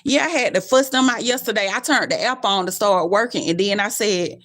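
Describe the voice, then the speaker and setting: A young adult woman is live-streaming to her viewers, telling stories with animation, swearing bluntly, and jumping around in pitch. Her delivery is brisk and her tone fairly bright.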